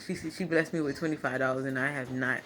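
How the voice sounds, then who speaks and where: Her voice extremely low and fairly even, a woman speaks quickly into her phone at home at night, with background noise. Tearful, she gives a casual testimony as a vlogger, laughing and preaching through her tears.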